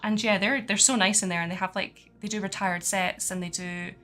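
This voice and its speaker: A woman's voice: medium pitch, fairly even intonation, fairly quick, pushed and bright, soft background music. A Scottish woman hosting a casual livestream chat, rambling along with lots of fillers. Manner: chatty, rambling with many fillers, laughs often. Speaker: host.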